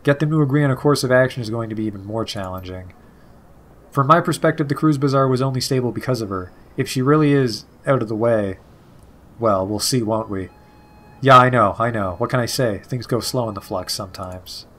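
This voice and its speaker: A man's voice: mid-range voice, brisk, fairly bright tone, lightly acted. A man voicing a nasal, heavy-smoking woman with a businesslike manner.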